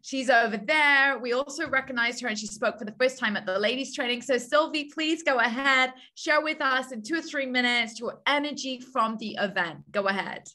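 Casting: woman host on a video call, upbeat coach, bright, fairly high voice. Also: normal speed, few pauses. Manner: upbeat, coaching, repeats key phrases. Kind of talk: team call presentation.

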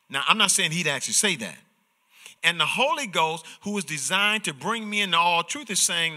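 A man's voice: high voice, expressive, moderate pace, pushed and bright. A man preaching at a midweek Bible study, emphatic and repetitive, often saying "watch this" and checking in with the listeners. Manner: emphatic, repeats "watch this" and "all right?". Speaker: pastor teaching Bible study. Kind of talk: sermon-style Bible teaching.

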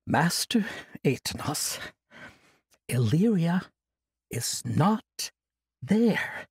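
A man voicing a calm, respectful young hero who speaks slowly in an audiobook. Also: sits high, vocal fry, breathy edge, dry recording, studio quality, voice pushed up, exaggerated voice. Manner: slow and calm.

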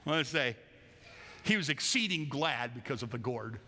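A man's voice: mid-range voice, lively intonation, normal speed, bright, forceful tone. A man preaching a sermon as pastor in a church, conversational and wry with playful asides. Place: church sanctuary. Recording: long church hall reverb.

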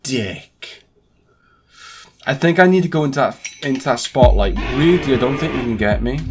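A man doing let's play commentary on a horror game, excitable and jumpy, swearing often. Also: medium pitch, moderate pace, music in the background. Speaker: gaming streamer.

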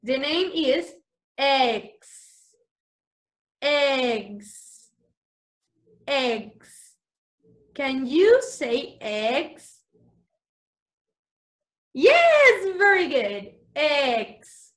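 A woman teaching English vocabulary to young children over a video call, spelling words slowly and switching into to explain. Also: sits high, expressive. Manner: slow, exaggerated spelling and repetition, switching to Spanish explanations. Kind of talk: online class for young children.

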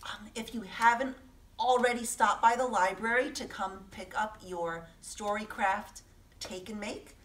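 A woman reads a picture book aloud to children, gentle and unhurried, pausing to ask the listeners questions. Her voice is bright and slow, heard from a distance in an echoey room. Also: medium pitch. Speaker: children's librarian.

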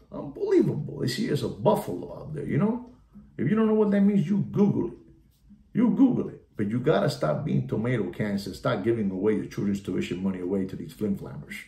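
A gravelly-voiced man delivers a theatrical, mocking watch market update, hammering the same catchphrases and slipping into Spanish asides. His pitch swoops widely as he rants. The room is echoey, with faint guitar music behind him. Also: mellow.

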